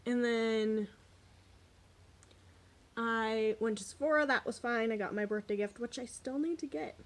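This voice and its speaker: Young woman vlogger, slightly high voice, blunt and candid storytime delivery. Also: a little slow. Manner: candid, swears freely, animated retelling. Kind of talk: casual storytime vlog.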